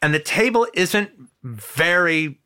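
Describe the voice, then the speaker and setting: Man, podcast host, excitable, lively swooping delivery, bright tone, lots of "uh"s. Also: a little high, takes it slowly, clean tone. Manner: animated, excitable, many "uh" fillers, swearing. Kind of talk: casual film discussion.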